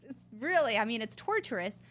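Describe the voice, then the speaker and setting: Earnest higher-voiced woman guest. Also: big pitch swings, a little fast, a bit bright. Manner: earnest, emphatic, sometimes drawn out. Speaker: podcast guest. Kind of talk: conversational interview.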